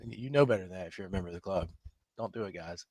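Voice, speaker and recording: A man's voice: low voice, racing, darkish tone, breathy edge, dry recording. A man hosting a live trading room, talking emphatically to his viewers, scolding them and laughing often.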